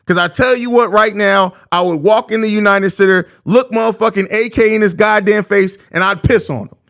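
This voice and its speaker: Profane high-voiced man ranting on a live stream. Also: fairly even intonation, a little fast, fairly bright tone. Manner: profane, exasperated ranting with heavy slang. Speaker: host of a live postgame show.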